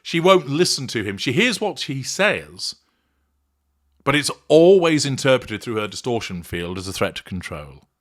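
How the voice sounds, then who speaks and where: A man hosting his show, giving measured, clinical commentary that analyses a recorded argument. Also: medium pitch, very animated, no echo, clean studio sound.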